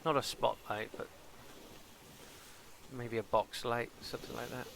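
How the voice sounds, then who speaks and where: A man's voice: medium pitch, level tone, unhurried, creaky, noisy background. A British man, a streamer and father, chatting casually through a game, rambling and talking back to the characters on screen. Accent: British English. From England. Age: adult with a son. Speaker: gaming streamer. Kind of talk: casual gameplay commentary. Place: home streaming setup with green screen.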